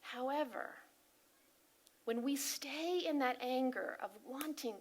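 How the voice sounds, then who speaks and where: A woman giving an inspirational sermon talk as a spiritual practitioner, earnest and animated, often asking her listeners questions. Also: high voice, measured pace. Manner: animated and emphatic, acting out angry voices. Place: spiritual center service.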